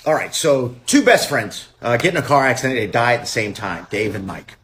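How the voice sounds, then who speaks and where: A man telling a joke in a casual, animated way, dropping to a quieter voice for the characters. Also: medium pitch, a little fast, a little hiss or hum. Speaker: joke teller.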